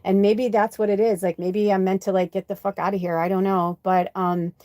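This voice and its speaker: A woman's voice: mid-range voice, flat delivery, a little fast, mellow, no room sound, studio quality. A middle-aged American woman hosting a spiritual livestream, ranting bluntly with heavy swearing in a casual monologue. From United States. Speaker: spiritual channel host.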